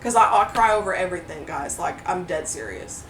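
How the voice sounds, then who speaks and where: A woman co-hosting a podcast, telling a story in a casual, animated way, swearing freely and acting out what others said. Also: fairly low pitch, fairly quick. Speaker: podcast co-host. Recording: roomy echo, mic at a distance, faint noise.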